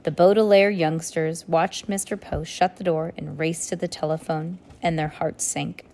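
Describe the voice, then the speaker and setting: A woman's voice: low voice, steady tone, normal speed, darkish tone, slight background noise. A woman reading a novel aloud chapter by chapter, breaking off now and then for casual asides. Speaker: reader.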